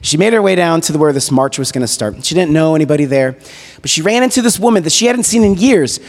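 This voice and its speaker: Male guest preacher, casual storytelling sermon, raised pitch, long hall echo. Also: fast. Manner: conversational, animated retelling with casual fillers. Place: church hall. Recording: echoey hall reverb.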